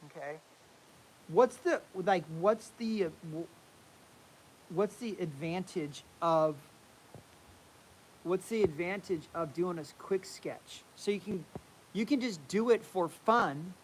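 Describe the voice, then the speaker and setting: Sketching figures, a male art instructor narrates every stroke with energy, going back over his points as he works. He sits high in pitch, and the low-quality recording has a faint hiss running beneath it.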